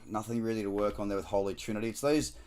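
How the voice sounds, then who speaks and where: A man's voice: on the low side, steady tone, very fast, darkish tone. An Australian man hosting a live trading stream, talking casually and slangily as he walks through charts and cracks dad jokes. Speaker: trader hosting a live market scan.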